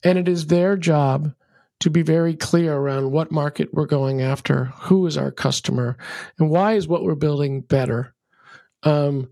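A middle-aged man, a podcast guest, giving animated conversational advice with lots of ums and a rambling, energetic way of storytelling. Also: a little high, normal speed, gravelly, dry recording, clean studio sound. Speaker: podcast guest, venture capitalist.

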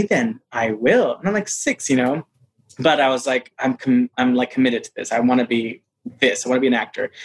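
A man telling a personal story in a casual interview, acting out quoted voices with lively shifts. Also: slightly rough. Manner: animated, acts out quotes in a higher voice. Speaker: interview guest.

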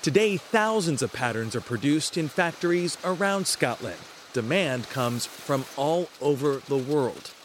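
A male TV correspondent narrates a feature story in a measured, storytelling way. His voice is a little high for a man and moves lively through its range, and clear background noise sits under the recording. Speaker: TV news correspondent. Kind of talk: scripted news narration.

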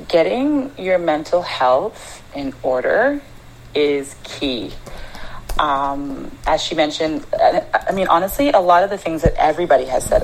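A woman's voice: low voice, a little hiss or hum, poor audio. A woman speaking on a live audio panel, eager and chatty as she adds to the conversation. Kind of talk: casual live audio-room talk.

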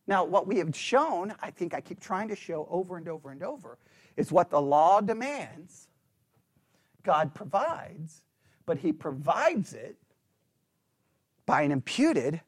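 A man preaching an animated sermon, full of rhetorical questions and acted-out voices of churchgoers. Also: sits high, breathy edge, no room sound.

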